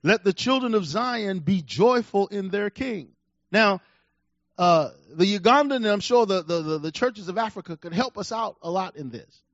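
A man preaching a sermon, swinging between loud shouts and hushed, intimate lines. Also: high voice, normal speed, no room sound, dull audio. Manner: animated, swings from shouts to near-whispers.

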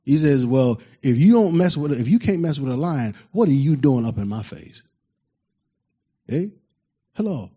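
A man preaching a sermon to a congregation. He preaches with fervor, swinging between loud, emphatic exclamations and quiet asides. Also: mid-range voice, big pitch swings, moderate pace, pauses often, husky. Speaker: pastor. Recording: dull lo-fi recording.

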